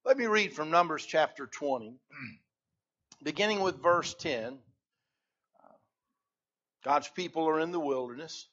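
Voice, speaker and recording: A man's voice: expressive, takes it slowly, pauses often. Dull lo-fi recording of a man preaching. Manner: swells loud on key phrases, then drops low. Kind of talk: sermon.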